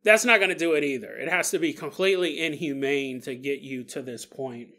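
A man's voice: a little high, fairly quick, pushed and bright. A man hosting a podcast on his own, talking casually, joking and laughing often, and acting out quoted voices. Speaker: podcast host. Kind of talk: casual solo podcast monologue.

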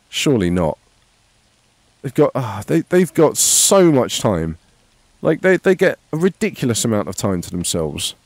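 Man, casual game commentary, joking, swears a lot, animated pitch. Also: no room sound. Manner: rambling, joking, swears freely. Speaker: gaming channel host. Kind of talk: casual let's play commentary.

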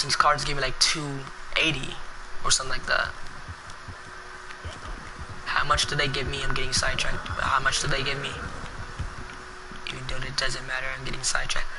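A man's voice: mid-range voice, noisy background. A man casually commentating his gameplay, brash and trash-talking the characters on screen. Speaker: gameplay streamer.

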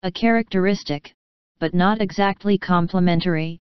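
A woman's voice: on the low side, moderate pace, clean tone, no room sound, highs cut off, lightly acted. A woman reading aloud, voicing a cheerful, mischievous young man who has just married, in a teasing, playful way.

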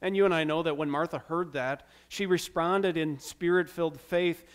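Male pastor, slightly high voice, dramatic sermon delivery with hushed and loud turns. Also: fairly even intonation, moderate pace, clean tone. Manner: dramatic, acts out quoted lines. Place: church.

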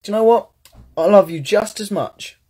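A man's voice: high voice, normal speed, warm tone, breathy edge. A young man with a British accent chatting casually on a live stream, playfully reading out fan gifts and comments.

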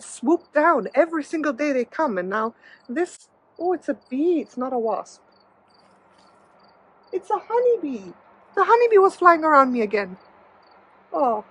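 A woman's voice: sits high, poor audio. A woman giving a reassuring, casual spiritual pep talk outdoors, speaking straight to her viewers. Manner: soothing, reassuring, talks directly to viewer. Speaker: spiritual video host. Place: outdoors in nature.

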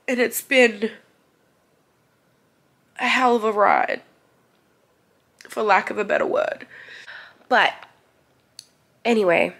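Tearful young woman, gravelly voice. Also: medium pitch, slow, long pauses, a bit bright. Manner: tearful, emotional and candid. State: crying. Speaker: vlogger. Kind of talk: personal vlog confession.

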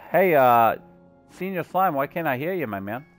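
A man's voice: fairly high pitch, expressive, moderate pace, soft background music. A man streaming gameplay live, chatting to his viewers and cracking puns as he plays. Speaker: gaming streamer.

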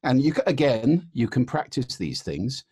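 Man, interview guest, lively animated pitch, slightly husky, dry close sound. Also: moderate pace, dry recording. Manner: demonstrates voice techniques, lively explanatory delivery. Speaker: voice expert guest. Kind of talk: interview answers.

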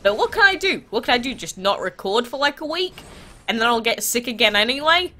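A congested woman with a stuffy nose from a cold, hosting a mobile game channel in chatty, animated talk full of rhetorical questions. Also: on the high side, a little fast. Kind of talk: casual gaming vlog chat.

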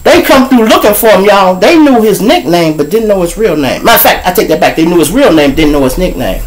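Man, Chicago accent, show host, profane storyteller, lively pitch. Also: fast, rough recording. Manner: profane, animated, addresses viewers directly. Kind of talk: storytelling monologue.

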